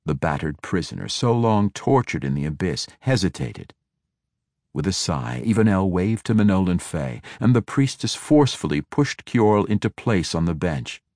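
A man narrates a fantasy audiobook in a very deep voice. His delivery is measured and even, taking each sentence at a steady storytelling pace. The recording is dry and close, with no room sound. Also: dry recording.

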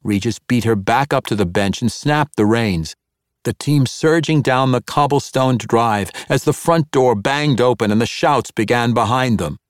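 A man narrating a fantasy audiobook in a measured, expressive reading. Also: medium pitch, no echo, clean studio sound.

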